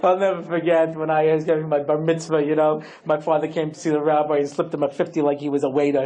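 Playing a rabbi, a man delivers a comic religious lecture full of jokes, shifting from slow, hushed lines to excited bursts. His voice sits a little high.

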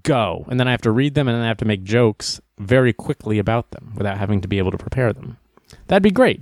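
Animated joking male comedy news host. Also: medium pitch, no echo, studio quality. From Boston area. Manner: joking, rambling, animated, with quick asides. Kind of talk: casual comedic news commentary.

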